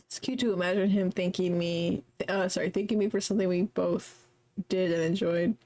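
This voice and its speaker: A woman's voice: on the low side, fairly even intonation, normal speed, warm tone. A young woman streaming a story game live, chatting casually, giggling, swearing freely and reading the story text aloud.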